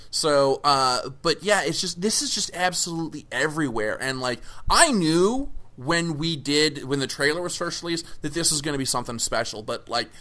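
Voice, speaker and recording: A man's voice: a little high, expressive, moderate pace, hardly any pauses, sharp tone. A man hosting a casual podcast who rambles through restarts and fillers and swears offhandedly. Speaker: podcast host.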